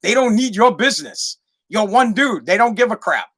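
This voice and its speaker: Bright-voiced man ranting on a podcast. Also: sits high, animated, normal speed, husky. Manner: rambling, profane, repeats himself. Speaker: podcast host. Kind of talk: solo comedic rant.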